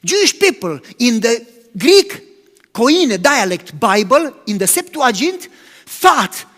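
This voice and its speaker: A man preaching a sermon as pastor, animated, swinging from loud to hushed. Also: very high-pitched, slow. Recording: long hall reverb.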